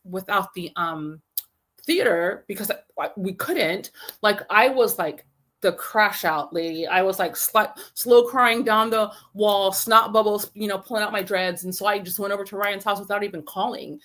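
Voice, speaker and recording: A woman, a film festival founder, telling stories in a casual interview, rambling and animated with many fillers. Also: mid-range voice, moderate pace.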